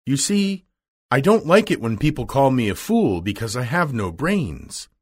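A friendly scarecrow stuffed with straw, gentle and a little plaintive, played by a male storyteller. The voice is lifted above his usual pitch and leaps about widely. It stays husky and unhurried throughout. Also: sing-song. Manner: slow storybook reading, bouncy pitch. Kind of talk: storybook reading.

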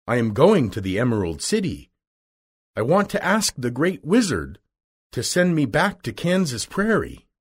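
A curious, polite little girl from a storybook, put on by a male reader. The voice sits well above his own and carries a husky edge. Every line comes slow and careful, with big swoops of pitch. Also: huge pitch swings. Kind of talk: storybook reading.

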